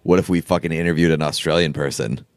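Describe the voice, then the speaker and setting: A man co-hosting a podcast, joking in a deadpan way and swearing casually. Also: very deep voice, fast, clean tone, dry recording, clean studio sound. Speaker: podcast co-host.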